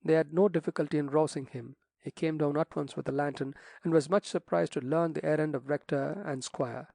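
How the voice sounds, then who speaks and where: A man narrating a classic mystery audiobook in a measured storytelling read. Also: fairly high pitch, fairly even intonation, vocal fry, darkish tone, no room sound. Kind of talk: scripted narration.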